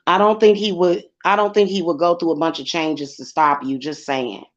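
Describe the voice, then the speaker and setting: A woman's voice: on the low side, steady tone, moderate pace, dull audio. A woman tarot reader talking bluntly and casually on a livestream. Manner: blunt and chatty.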